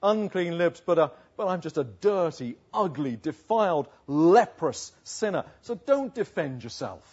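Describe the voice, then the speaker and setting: A man preaches a sermon in an earnest way, climbing to emphatic declamation and then sinking to hushed asides. His voice is a touch husky and sits a little high. The recording sounds somewhat dull and lo-fi. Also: big pitch swings, measured pace, few pauses.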